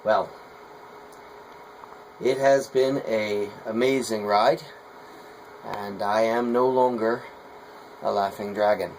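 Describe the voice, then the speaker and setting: A man's voice: fairly low pitch, steady tone, takes it slowly, long pauses, slight background noise, rough recording. A middle-aged man, a potter, talking casually and rambling with hesitant fillers. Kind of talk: casual vlog talk while working.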